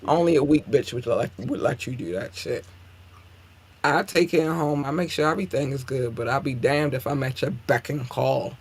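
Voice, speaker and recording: A woman hosting her own podcast, talking casually in an animated, blunt and profane way with plenty of fillers. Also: very deep voice, moderate pace, husky. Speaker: podcast host. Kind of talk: casual solo podcast talk.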